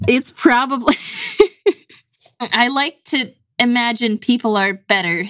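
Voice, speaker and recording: A woman's voice: a little high, expressive, a bit bright, dry recording. Wry woman co-host, dry close sound. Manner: wry, measured, analytical. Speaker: podcast co-host. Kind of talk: casual chat.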